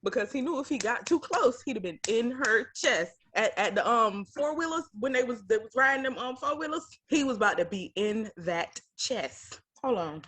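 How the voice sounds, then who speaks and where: A woman with a slightly high, husky voice, co-hosting a casual reaction show. She talks in an outspoken, opinionated way and drops plenty of slang. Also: lively intonation, normal speed, hardly any pauses, fairly bright tone. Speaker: co-host of a reality TV reaction show. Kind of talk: casual chat reacting to a TV episode.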